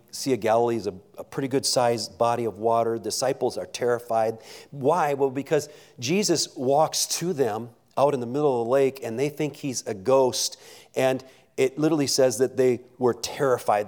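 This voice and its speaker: A man's voice: medium pitch, a little mellow. A man preaching a sermon as pastor, earnest, with frequent restarts and stammers and questions put to the congregation.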